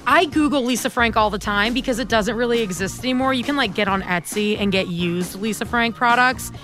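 A woman hosting a casual chat, playful and teasing, quick with jokes. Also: on the high side, a bit bright, soft background music. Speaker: host.

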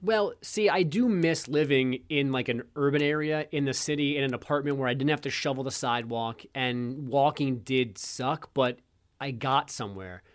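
A man co-hosting a talk show, chatting casually and cracking dry, deadpan jokes. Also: mid-range voice, moderate pace. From New York area. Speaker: co-host.

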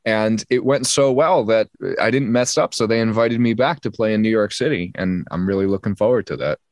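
Low-voiced young man rambling in an interview. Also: a little fast, dry recording. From New Jersey. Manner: rambling, many restarts and stammered repeats. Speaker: singer-songwriter guest. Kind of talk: casual interview chat.

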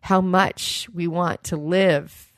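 A woman preacher giving an earnest sermon and reading scripture at a steady pace. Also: lowish voice, slow pace, dry recording.

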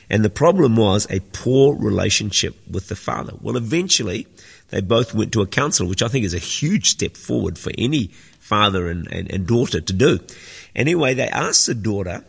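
A man's voice: fairly low pitch, gravelly, husky. A man preaching a sermon as senior pastor, earnest and teaching, repeating phrases for emphasis. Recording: echoey hall with long reverb.

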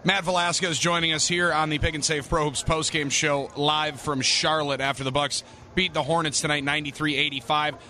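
Bright-voiced upbeat sports radio host. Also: male voice, fairly high pitch, level tone, a little fast. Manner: smooth, upbeat broadcaster delivery. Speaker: postgame radio show host. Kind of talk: sports radio postgame chat.

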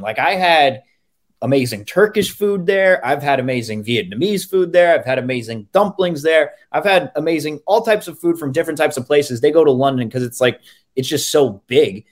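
A man's voice: fairly high pitch, expressive, moderate pace. A man hosting a sports podcast, chatting in an enthusiastic, conversational way. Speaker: podcast host. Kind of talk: casual sports podcast chat.

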